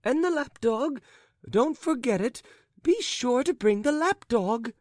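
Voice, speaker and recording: A man voicing a giddy elderly noble lady, shrill and breathless with laughter. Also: expressive, measured pace, no echo, studio quality. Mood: eager.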